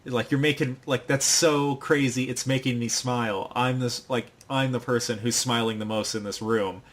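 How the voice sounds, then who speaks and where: A man's voice: medium pitch, fairly even intonation, moderate pace, close to an everyday voice. Man quoting an unhinged grinning killer. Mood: amused. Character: unhinged young male killer, gleeful.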